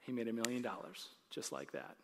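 This pastor's voice is medium in pitch, a little fast, and creaky as he preaches to a live crowd from the church stage. His sermon is conversational, punctuated by frequent laughter and rising to emphatic points.

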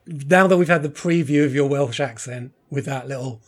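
A woman's voice: a bass voice, normal speed, slightly rough. A woman hosting a podcast, teasing the guests and laughing. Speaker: podcast host. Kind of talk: casual chat.

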